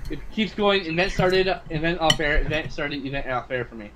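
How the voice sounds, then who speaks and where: A man's voice: a little high, expressive, brisk, a crowd in the background, low-quality recording. A man co-hosting a casual online chat, making wry, sarcastic asides. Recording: loud background noise.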